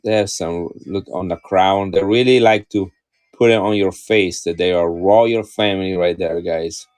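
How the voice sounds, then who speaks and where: Low-voiced man selling coins live. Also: fairly even intonation, moderate pace, a little mellow. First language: Italian. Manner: chatty, enthusiastic, addresses viewers directly. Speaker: live-stream coin seller. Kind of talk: casual live-stream selling chat.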